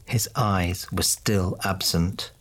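A man narrating a fantasy audiobook in a steady, even way. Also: low-pitched, slow pace.

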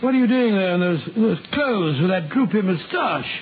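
An actor playing a bumbling, loyal Doctor Watson in a 1940s radio drama, with a hesitant, stammering delivery. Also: male voice, sits high, animated, fairly quick, slight background noise. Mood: earnest. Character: bumbling loyal Dr. Watson, middle-aged Englishman. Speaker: narrator in character. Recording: tinny old radio broadcast.

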